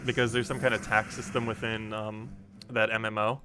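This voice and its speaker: A man's voice: fairly low pitch, little pitch movement, moderate pace, noisy background. A young man streaming a game, chatting casually and rambling with many ums while he plays and answers chat. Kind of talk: casual live-stream commentary while playing.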